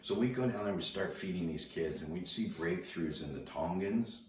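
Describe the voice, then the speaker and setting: Deep-voiced man telling a story, roomy. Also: normal speed. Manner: laid-back, slangy, animated retelling. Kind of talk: casual storytelling to an audience. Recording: roomy, distant mic, faint noise.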